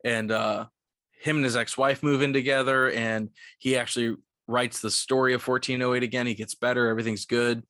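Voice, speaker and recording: A tipsy man on a podcast excitedly retelling a movie's plot, rambling with lots of "like" and swearing. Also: mid-range voice, brisk, no room sound, clean studio sound. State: tipsy from liquor. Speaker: podcast co-host. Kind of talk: casual movie-recap chat.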